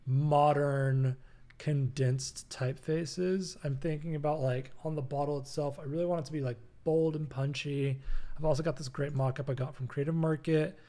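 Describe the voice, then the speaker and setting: A man's voice: a little high, fairly even intonation, moderate pace, dark tone. A young man hosting a casual live-streamed design tutorial from his apartment, talking loosely with many fillers and reading chat messages aloud. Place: home apartment.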